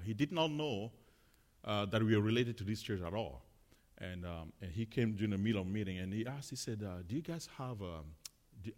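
Missionary man with a lowish voice, halting, filler-heavy church talk, echoing sanctuary. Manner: chatty, many fillers and restarts, laughs often.

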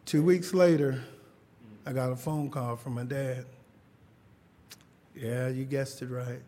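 A man's voice: medium pitch, slow pace, slight background noise. A middle-aged man preaching a sermon testimony in a church, telling family stories with frequent chuckles and calls for amen. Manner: lively storytelling, chuckles often, calls for amens.

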